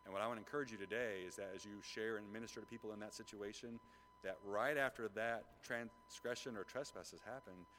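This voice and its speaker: A man's voice: lowish voice, a bit bright, slight background noise. A man preaching a sermon as pastor, talking conversationally and prodding the congregation with questions.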